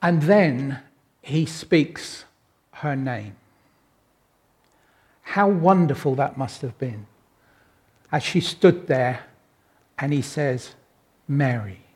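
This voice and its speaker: Middle-aged man, sermon delivery, slightly high voice, measured, reflective with a dry, self-mocking wit. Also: darkish tone. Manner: unhurried, reflective, with wry self-deprecating asides. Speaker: preacher.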